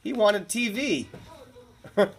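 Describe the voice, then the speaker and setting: A woman's voice: medium pitch, animated, slow, slightly rough. A woman teacher reading a picture book aloud to her class in a classroom, with chatty asides and easy laughs.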